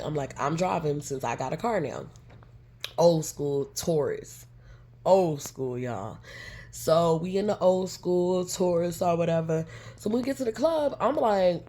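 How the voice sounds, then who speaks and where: Chatty woman telling a story. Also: lowish voice. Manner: animated, chatty, acts out quotes. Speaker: vlogger. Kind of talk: casual storytime.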